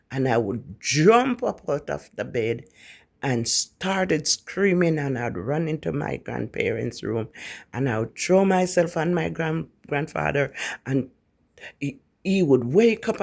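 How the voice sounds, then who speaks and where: A man with a Jamaican accent telling a ghost story in a casual, animated way, often repeating words. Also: fairly high pitch, gravelly.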